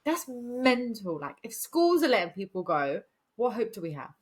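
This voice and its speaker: A young woman co-hosting a casual podcast chat, slangy and quick to laugh. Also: fairly high pitch, big pitch swings. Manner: chatty, slangy, laughs often. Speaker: podcast co-host.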